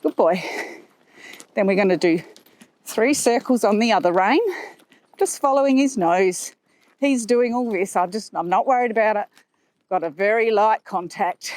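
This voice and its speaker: A woman horse trainer explaining her riding aids as she rides, calm and explanatory, with soft praise for the horse in between. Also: mid-range voice, moderate pace, pauses often. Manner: talking while riding a horse. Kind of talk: instructional commentary while riding. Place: riding arena.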